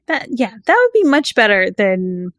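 A woman's voice: mid-range voice, lively intonation, normal speed, fairly bright tone, dry recording, studio quality. A woman from California co-hosting a casual chat, enthusiastic and full of "like" and "you know".

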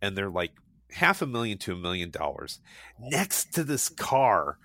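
A man with a somewhat low but bright, forceful voice tells stories in a casual, enthusiastic way. He circles back, restarts sentences and fills gaps with ums. The recording is dry and close, with no room sound. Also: big pitch swings, unhurried, vocal fry, no room sound. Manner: enthusiastic, rambling, frequent restarts and fillers. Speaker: guest recommending local car meets. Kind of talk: casual conversational storytelling.

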